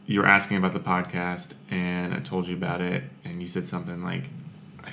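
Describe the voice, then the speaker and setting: A man who is a podcast guest, telling his story in a relaxed way with dry humor. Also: low-pitched, brisk, creaky, slight background noise. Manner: relaxed, dry humor, says "if you will". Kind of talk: casual storytelling.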